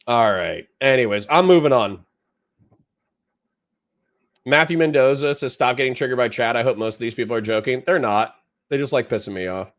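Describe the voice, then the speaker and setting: A young man streaming live and reading out his chat, swearing and shooting back at viewers in a combative, mocking tone. His voice sits at an ordinary middle pitch for a man. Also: animated, a little fast. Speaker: streamer reacting to a political clip.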